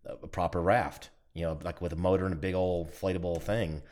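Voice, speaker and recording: A man's voice: deep voice, steady tone, fairly quick, a little mellow. A man co-hosting a podcast, chatting casually, recalling a trip with loose, rambling sentences. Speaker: podcast co-host. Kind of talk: casual chat.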